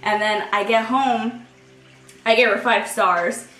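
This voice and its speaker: A young woman, a podcast co-host telling a story to friends in a lively way, laughing often and acting out her own thoughts. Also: on the high side, takes it slowly, heavy background noise. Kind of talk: casual storytelling among friends. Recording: roomy echo.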